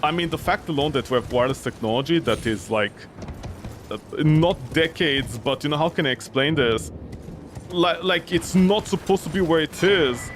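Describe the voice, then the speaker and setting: A man's voice: a little high, moderate pace, slight background noise. A young man streaming a game, rambling and ranting in exasperation, swearing often and sounding weary. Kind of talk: casual gameplay commentary.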